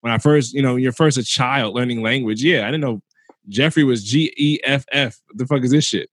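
Man, comedian, casual chat, laid-back, mid pitch, dry sound. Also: fairly quick, no echo.

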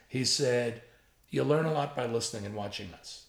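A gravelly-voiced comedy writer in his seventies tells easygoing anecdotes at a moderate pace and medium pitch. Lively and unfiltered, he imitates other people and swears freely, and the sound is roomy.

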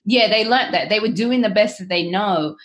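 A woman interviewing a guest, animated and quick to laugh as she shares her own view. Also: mid-range voice, a little hiss or hum. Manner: animated, laughing easily, warm agreement. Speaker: interviewer, host. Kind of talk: candid conversational interview.

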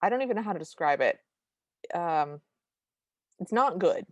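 Low-voiced woman in chatty, wry cartoon talk. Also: animated, normal speed, no room sound. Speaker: podcast co-host. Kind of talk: casual chat reviewing a cartoon.

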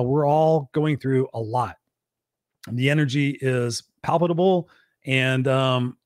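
A man hosting a live-streamed motivational show, talking in an energetic coaching tone and greeting viewers by name, his voice a little tired. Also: medium pitch, no room sound, clean studio sound. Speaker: podcast host. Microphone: desk mic with monitors.

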